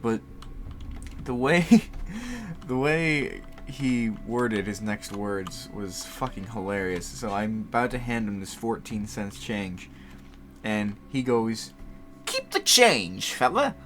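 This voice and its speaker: A man in his 20s speaks slowly in a fairly low voice while hosting a casual solo podcast. Recording at home on a desk mic raised and set back from his computer, he rambles, laughs often, and drops casual swear words.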